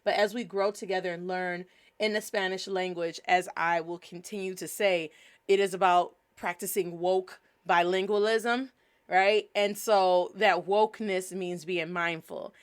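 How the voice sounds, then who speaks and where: A woman's voice: lowish voice, fairly even intonation, measured pace, clean tone. A woman hosting a casual teaching podcast, upbeat and playful, spelling words out and coaching her listeners. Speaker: podcast host and language teacher.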